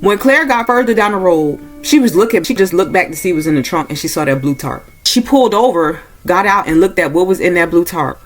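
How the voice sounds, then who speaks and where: A woman's voice: expressive, brisk, hardly any pauses, faint music behind. Casual woman recapping a horror film. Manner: informal, uses y'all, acts out quoted lines with rising pitch. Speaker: movie reviewer. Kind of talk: casual plot recap and review.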